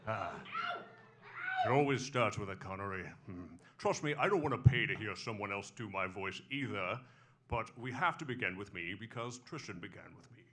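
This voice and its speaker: A man's voice: on the low side, animated, normal speed, fairly bright tone. A man on stage impersonating a smug older Scottish film star who lisps and drawls. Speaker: comedic narrator. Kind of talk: live stage impression. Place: small comedy venue.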